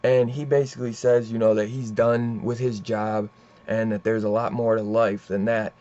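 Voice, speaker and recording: A man's voice: fairly low pitch, level tone, moderate pace, mellow, muffled recording. Casual man rambling through a plot recap. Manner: rambling, profane plot retelling with many fillers. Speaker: comic book reviewer. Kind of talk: casual comic book review.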